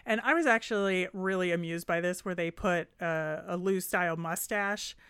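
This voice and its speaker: Woman, sports chat co-host, upbeat, chatty, laughs easily, smooth clear voice, dry sound. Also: on the low side, moderate pace, a bit bright, no echo. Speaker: podcast co-host.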